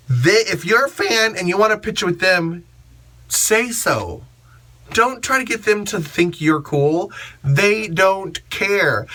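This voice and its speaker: A man who works as a drag performer and MC, giving blunt, sassy advice and acting out gushing fans in shrill voices. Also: bright, forceful tone. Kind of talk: casual advice monologue.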